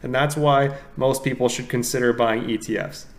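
A man's voice: mid-range voice, steady tone, normal speed. A man, co-hosting a podcast, explaining ideas step by step in casual chat and checking in with "okay?". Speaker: podcast co-host.

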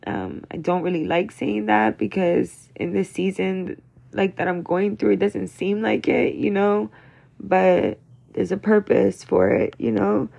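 A woman's voice: mid-range voice, steady tone, a little slow, vocal fry, dark tone. A young woman talking to her viewers as a mother, venting in a casual, rambling, emotional way, full of "like" and "you know.". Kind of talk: casual confessional monologue.

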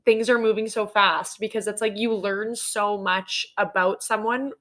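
A woman co-hosting a podcast in casual chat, joking and quick to laugh along. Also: mid-range voice, steady tone, fairly bright tone, poor audio. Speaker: podcast co-host.

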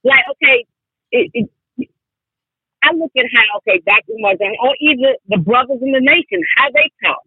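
A woman calling in to a talk show, talking with animated emphasis and often cutting in. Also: sits high, brisk, breathy edge, dry recording. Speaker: caller. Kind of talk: call-in show chat. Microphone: phone. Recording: tinny phone line.

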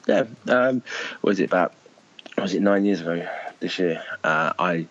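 A man's voice: low-pitched, normal speed, dull audio. A middle-aged man talking candidly and emotionally in an interview, blunt, swearing and calling people mate. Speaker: charity fundraiser guest.

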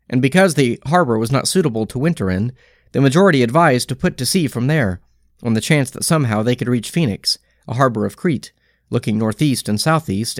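A man reading scripture aloud in a slow, measured liturgical style, pausing phrase by phrase. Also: medium pitch, dry recording, clean studio sound. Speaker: scripture reader.

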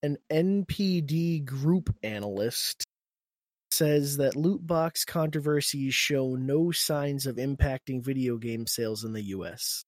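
A man's voice: medium pitch, slow, no echo. Sarcastic, laughing podcast host man. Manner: sarcastic, joking, laughs often, swears. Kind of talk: casual podcast banter.

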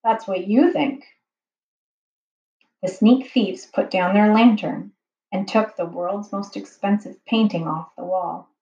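A woman reading a children's book aloud slowly and carefully as the narrator. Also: medium pitch, fairly even intonation, a little mellow. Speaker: storyteller. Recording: dull, roomy home recording.

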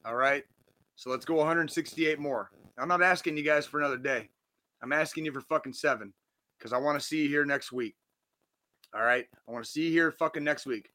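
Profane guy in his 40s, kinda high voice, earnest reassuring pep talk. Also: fairly quick, pushed and bright. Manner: blunt and heavily profane. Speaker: podcast host. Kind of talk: casual motivational monologue.

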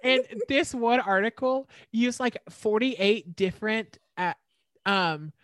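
A woman's voice: medium pitch, lively intonation, slow pace, no room sound. A woman co-hosting a podcast, recounting a case in casual chat with frequent fillers. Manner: storytelling with many fillers and restarts. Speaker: podcast co-host.

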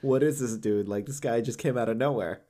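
A man's voice: mid-range voice, fairly quick, dark tone. A laughing, casual male co-host. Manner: laughs often, many "like" fillers, acts out quoted voices. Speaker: podcast co-host. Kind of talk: casual chat.

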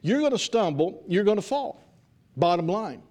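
A man with a high voice preaches to a congregation in a church. He builds his points by repeating lines and often restarts his phrases mid-thought. His delivery is fervent and insistent. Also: sing-song, normal speed, a little mellow. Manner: fervent, repetitive, with frequent restarts. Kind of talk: evening sermon.

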